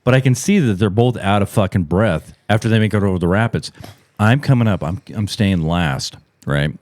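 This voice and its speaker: A middle-aged man hosting a podcast, telling a profane, animated story in casual chat. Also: moderate pace. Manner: profane, animated storyteller, voice jumps high and loud when acting out shouts. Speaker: podcast host.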